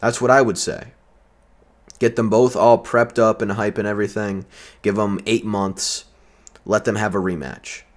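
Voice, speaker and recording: A man's voice: lowish voice, little pitch movement, moderate pace. A man delivering a heated, profane and sarcastic vlog rant. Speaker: vlogger. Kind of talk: ranting commentary.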